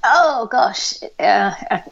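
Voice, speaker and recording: An older woman from Australia, a podcast guest talking casually about running, self-deprecating and quick to laugh. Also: a little high, animated, gravelly, no echo, highs cut off. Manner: warm, self-deprecating, laughing, with hesitant restarts. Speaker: guest, runner.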